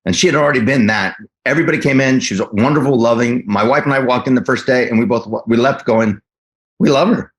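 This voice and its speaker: Animated middle-aged man telling stories. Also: mid-range voice, fast talker, few pauses. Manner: animated storytelling, acts out quotes; rambling with many restarts. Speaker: guest actor. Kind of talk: casual interview chat.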